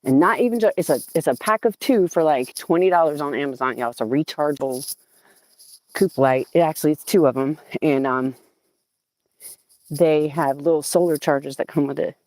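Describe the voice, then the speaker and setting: A woman's voice: sits low, normal speed, a little mellow, no echo. A woman talking casually into her phone outdoors as she tends her chickens, a little out of breath and chatty. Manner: chatty, sweet-talks her animals, laughs often. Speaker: backyard chicken keeper. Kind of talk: casual vlog chat. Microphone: phone set down or carried.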